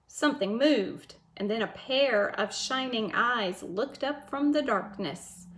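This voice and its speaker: A teacher reads a chapter book aloud to her class in a gentle, patient way. Her voice sits a little high and she takes her time over every sentence. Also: slow pace, hardly any pauses.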